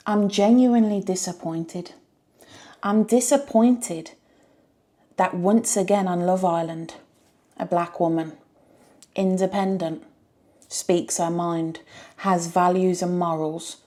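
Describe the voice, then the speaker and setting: A woman's voice: medium pitch, mellow. A woman reviewing a reality show, exasperated and firing rhetorical questions. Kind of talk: reaction review rant.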